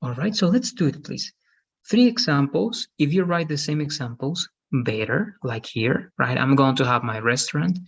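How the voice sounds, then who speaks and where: A man's voice: medium pitch, animated, normal speed, creaky, breathy edge, highs cut off. A male English teacher explaining grammar step by step in an online class.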